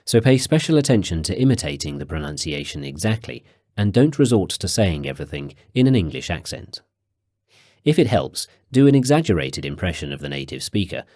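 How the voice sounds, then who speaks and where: Deep-voiced man guiding a language lesson. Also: very animated, darkish tone, dry recording, clean studio sound. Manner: clear, measured prompts, slows for key phrases. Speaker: language course teacher. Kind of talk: guided audio lesson narration.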